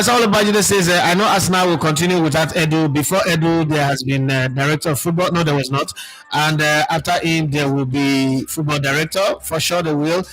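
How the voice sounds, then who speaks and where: A man's voice: fairly high pitch, pushed and bright, rough recording. A man with a Nigerian accent hosting a casual football stream, chatting and reading out viewer comments. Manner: chatty, mixes Pidgin with English, reads out viewer comments. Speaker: football show host. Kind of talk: casual live-stream chat.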